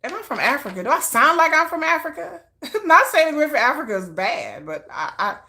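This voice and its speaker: Woman, Texan twang, casual live chat, animated swooping voice, chatty. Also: sits high, a little fast. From Texas. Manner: animated, chatty, frequent restarts and laughter. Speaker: K-pop news livestream host.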